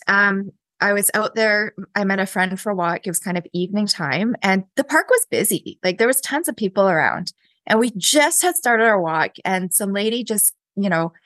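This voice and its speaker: A woman, a podcast guest, recounting a personal story in a chatty, animated way with many fillers and laughs. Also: mid-range voice, dry recording. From Canada. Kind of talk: casual interview storytelling.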